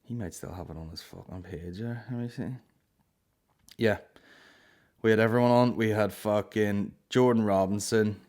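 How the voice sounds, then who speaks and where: A young Northern Irish man talks to his podcast listeners in a loose, rambling way, swearing freely and filling gaps with "you know". His voice sits a little low. He sounds like he is telling stories to mates. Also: normal speed, long pauses, a little mellow. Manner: swears freely, rambling storytelling with frequent fillers. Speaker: podcast host. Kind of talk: casual solo podcast chat.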